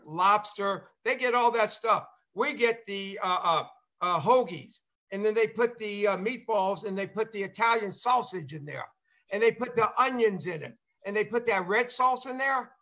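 An older man chatting over a video call in a high, bright voice. He rambles, stacking filler sounds as he talks. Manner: rambling, heavy on repeated fillers. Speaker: show host and former player. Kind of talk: casual video-call chat.

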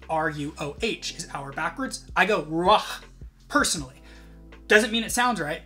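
A man talking casually to his viewers in an animated, chatty vlog. His voice is bright and forward, and he breaks into quick strings of reversed syllables. Faint guitar music plays underneath. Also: high-pitched. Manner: animated, chatty, rattles off backwards-spoken syllables. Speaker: vlogger.

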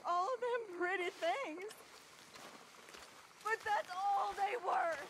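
An actress voicing the ghost of a young jilted woman from the South, who speaks slowly and tearfully and keeps pleading. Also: very high-pitched, background noise. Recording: game audio with loud swamp ambience.

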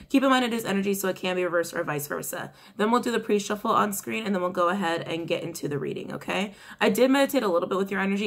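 A woman's voice: mid-range voice, a bit bright. A young woman, slightly congested after waking up, giving a chatty, rambling tarot reading to camera. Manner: chatty and rambling, with frequent fillers. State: congested, just woken up. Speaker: tarot reader.

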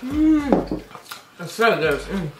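A woman's voice: medium pitch, sing-song, slow pace, recorded from a distance. A woman vlogging a spicy food challenge, playful and groaning as she mumbles through mouthfuls. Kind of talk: casual challenge vlog. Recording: echoey room with music behind.

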